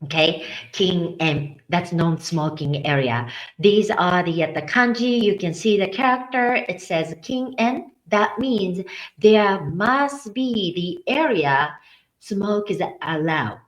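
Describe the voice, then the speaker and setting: Woman teacher, lively pitch, slow and patient, repeats phrases, echoey room. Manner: explains slowly, repeats phrases for practice. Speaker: language and culture teacher. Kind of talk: casual instructional video.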